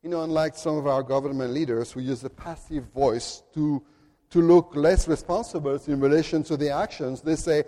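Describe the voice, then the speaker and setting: A man with a French accent preaching a sermon in an earnest, deliberate way, at times speaking directly to children. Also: fairly high pitch, steady tone, mellow, big-room sound. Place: church.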